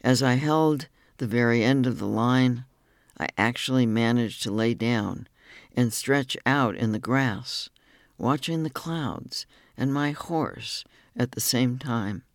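Male narrator, mid-pitched, steady and earnest reading, dry booth sound. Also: takes it slowly, dry recording. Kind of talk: scripted narration.

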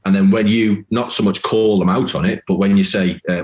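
A man's voice: fairly low pitch, brisk, hardly any pauses, darkish tone. A man, a guest on a casual podcast, blunt and emphatic, swearing and voicing what others think.

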